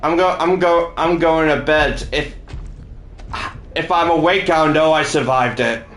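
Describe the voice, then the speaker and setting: A young man chatting casually while playing a game, reacting with quick jokes and swearing. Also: fairly high pitch, fairly bright tone, reverberant. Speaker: gaming co-host. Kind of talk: casual chat while gaming.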